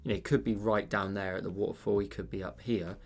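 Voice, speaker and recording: Gravelly man streaming his painting. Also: on the low side, level tone, fast. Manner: rambling, thinks aloud, many fillers and restarts. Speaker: digital painting livestreamer. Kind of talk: casual livestream chat while painting.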